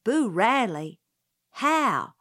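A woman's voice: on the high side, sing-song, drawn-out words, a bit bright, no room sound, studio quality, exaggerated voice. A woman reading a novel aloud, voicing a small boy who teases. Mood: teasing.

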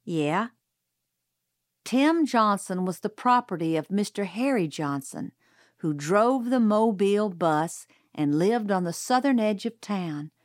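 A woman narrating a storybook aloud in a measured, even storytelling delivery. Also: mid-range voice, dry recording, studio quality. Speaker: audiobook reader.

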